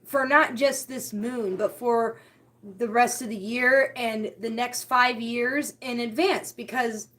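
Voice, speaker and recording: A woman's voice: fairly high pitch, steady tone, slow, fairly bright tone. A woman hosting a spiritual live stream, talking casually and heartfelt, often repeating her key words.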